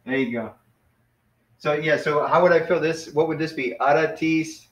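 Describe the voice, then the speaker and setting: A man teaching a class in a relaxed, casual way, with many fillers and self-corrections. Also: fairly high pitch, moderate pace. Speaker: Greek teacher. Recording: roomy, dull lo-fi classroom recording.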